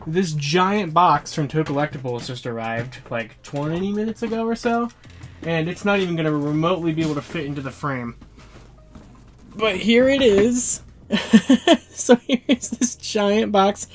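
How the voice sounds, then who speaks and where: A man hosting a casual toy unboxing vlog, chatty and excitable, a little out of breath. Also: on the high side. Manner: excitable, chatty, laughs often. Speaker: toy collector YouTuber.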